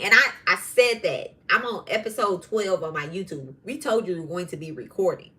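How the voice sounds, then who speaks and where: A woman hosting a spiritual podcast who tells stories in a casual, animated way, swearing freely. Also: fairly low pitch, moderate pace, hardly any pauses. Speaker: podcast host and tarot reader. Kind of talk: casual storytelling monologue.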